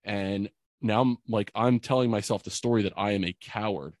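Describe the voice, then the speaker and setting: A man's voice: on the low side, moderate pace, no echo, studio quality. A man in his forties, a podcast guest, telling a personal story in an earnest, emotional way, full of fillers. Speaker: podcast guest, youth mentor.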